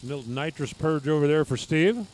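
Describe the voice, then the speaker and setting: A man's voice: a little high, animated, moderate pace. A man giving live drag racing commentary, reading times and speeds with folksy, joking asides.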